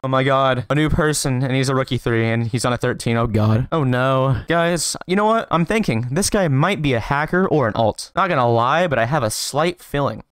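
A man giving casual gameplay commentary, trash-talking playfully with quick excited outbursts. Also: mid-range voice, a little hiss or hum. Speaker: gaming video creator.

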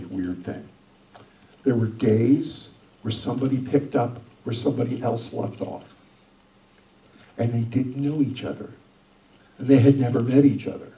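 A man, a senior pastor, telling his own story in a sermon, emphatic, swinging between loud and soft. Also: medium pitch, reverberant, recorded from a distance, rough recording. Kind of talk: sermon testimony.

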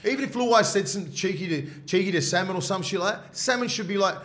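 A man's voice: high-pitched, fast, a bit bright. A man co-hosting a casual sports podcast as a former player, blunt and swearing constantly, acting out what players would say. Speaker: former rugby league player, podcast co-host.

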